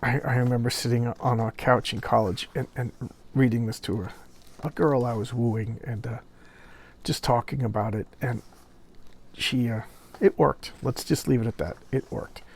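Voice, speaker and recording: A man reviewing a comic book in a casual video, speaking haltingly, often repeating words, and openly moved by the pages. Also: medium pitch, steady tone, vocal fry, breathy edge.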